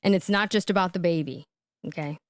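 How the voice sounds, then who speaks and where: A woman hosting a live reaction stream, chatty and quick to laugh, who keeps checking in with "okay?" as she comments. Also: lowish voice, dry recording.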